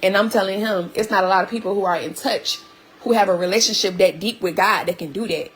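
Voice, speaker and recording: A woman's voice: medium pitch, fast, poor audio. A woman venting to her viewers on a live stream, emphatic and full of repeated rhetorical questions.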